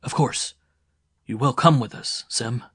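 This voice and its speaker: A man's voice: medium pitch, a little slow, a bit bright, breathy edge, no echo, studio quality. A male narrator voicing a cocky, pushy young warrior who speaks sharply and insistently.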